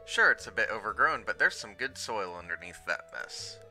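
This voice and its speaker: Guy doing a friendly lady carpenter from a farm game, bright punchy tone. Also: fairly low pitch, very animated, normal speed, soft background music, full character voice, low-quality recording. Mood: welcoming. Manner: friendly, welcoming, reads game dialogue aloud. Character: cheerful female town carpenter.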